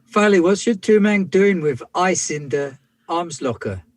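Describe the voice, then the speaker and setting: A man in a tabletop role-play, speaking in character as a gruff space hauler full of slang. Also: sits high, animated, a little slow, no echo. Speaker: player.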